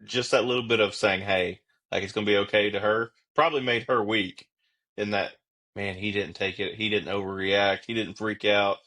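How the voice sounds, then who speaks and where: A man who is a police officer and podcast guest, explaining his views in a steady, reflective way. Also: fairly low pitch, moderate pace. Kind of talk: casual conversational interview.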